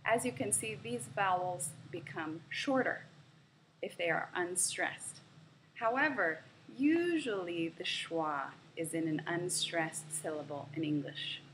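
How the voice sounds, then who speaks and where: A woman speaking slowly and precisely as she leads a pronunciation lesson. She over-enunciates each practice word and repeats it several times for learners. Her pitch sits in a middle range, with a faint hiss behind her. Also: fairly bright tone, low-quality recording. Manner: slow, careful over-enunciation, repeating words for drill. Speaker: pronunciation teacher. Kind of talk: instructional lesson narration.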